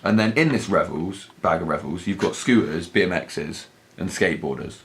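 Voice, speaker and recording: A man's voice: sits low, normal speed. A young man, telling crude, sweary, rambling stories in a casual vlog. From southern England. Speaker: vlog host. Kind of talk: casual anecdotal storytelling.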